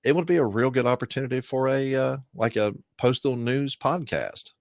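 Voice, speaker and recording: A man's voice: mid-range voice, moderate pace, gravelly, no room sound, studio quality. A middle-aged man, chatting casually and rambling along with plenty of fillers. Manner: easygoing, rambling with many fillers. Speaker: co-host, union representative. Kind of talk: casual chat.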